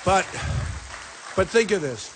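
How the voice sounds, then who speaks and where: A man's voice: high voice, big pitch swings, slow, slight background noise. Emphatic man in his sixties at a rally. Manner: rambling, emphatic, repetitive, speaks to the crowd. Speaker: political candidate. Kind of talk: campaign rally speech. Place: packed high school gym.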